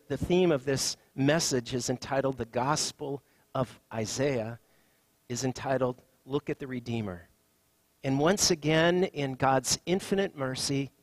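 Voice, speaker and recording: A man's voice: mid-range voice, dry recording. A man preaching a sermon as a pastor, conversational and loose, with fillers and restarts.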